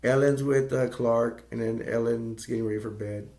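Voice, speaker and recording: A man's voice: medium pitch, steady tone, moderate pace, warm tone. A man casually retelling a movie's plot as a reviewer, rambling with restarts and loose asides.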